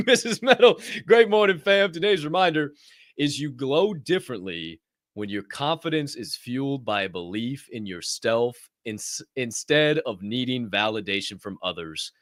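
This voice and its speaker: A man hosting a motivational podcast, telling stories in a blunt, profane, animated way. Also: mid-range voice, unhurried, dry recording, studio quality. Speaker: podcast host. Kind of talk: casual motivational monologue.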